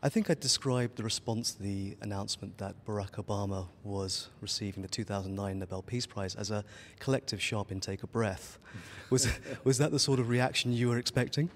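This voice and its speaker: Polite interviewer man, low voice. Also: fairly quick, hardly any pauses, a little hiss or hum. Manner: polite, carefully phrased questions. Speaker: interviewer, editor. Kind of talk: formal interview questions. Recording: long reverb.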